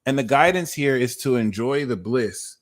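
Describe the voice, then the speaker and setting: A man in his thirties giving a livestream tarot reading, talking in a blunt, animated way and swearing freely. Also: medium pitch, normal speed. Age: 30s. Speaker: tarot reader.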